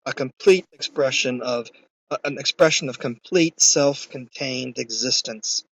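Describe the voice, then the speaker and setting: Man, lecturer, course lecture, conversational, emphatic, mid-pitched. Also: moderate pace, a bit bright, low-quality recording.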